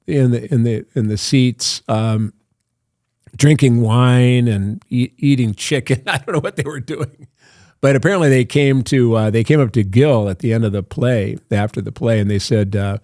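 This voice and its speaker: A man's voice: medium pitch, normal speed, a little mellow, dry recording, clean studio sound. An older man, a guest actor in an interview, telling long anecdotes in a loose, self-interrupting way. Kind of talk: casual storytelling interview.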